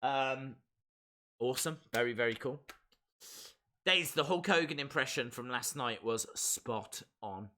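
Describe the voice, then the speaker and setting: Man, live stream host, casual chat, slow pace, bright voice, repeats himself. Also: medium pitch, slight background noise. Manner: chatty, reads viewer comments aloud, repeats phrases.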